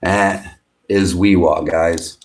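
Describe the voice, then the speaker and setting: Excitable slow-talking man with a low voice. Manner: excitable, coos at his pet fish in sudden high bursts; chuckles often between remarks. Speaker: fishing channel host. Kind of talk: casual livestream chat.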